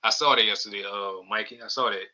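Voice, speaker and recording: A man's voice: lowish voice, fairly even intonation, fast talker, sharp tone, lo-fi sound. A man hosting a casual live-stream sports podcast, rambling loosely and reading chat comments aloud. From New Orleans area. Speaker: podcast host.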